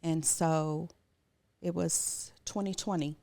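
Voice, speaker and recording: A woman's voice: sits low, steady tone, slow pace, vocal fry, mellow. A woman guest telling a personal story in conversation, vividly acting out what others said. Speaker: guest, educator.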